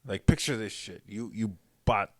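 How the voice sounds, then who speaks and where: A man's voice: fairly low pitch, moderate pace, no echo, clean studio sound. A man in his forties, co-hosting a podcast in casual, profane chat and laughing often. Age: 40s. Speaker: podcast co-host.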